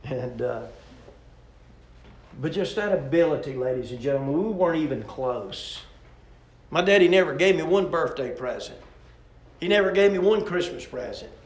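Male preacher, middle-aged, emphatic repeated phrases, slightly high voice, echoey church. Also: expressive, moderate pace, long pauses. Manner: repetitive, emphatic preaching cadence. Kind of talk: sermon with personal story.

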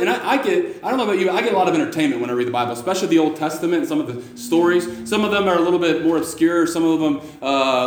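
A man preaching a sermon and reading scripture aloud, talking in a halting way with many fillers and restarts. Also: a little high, reverberant. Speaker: pastor.

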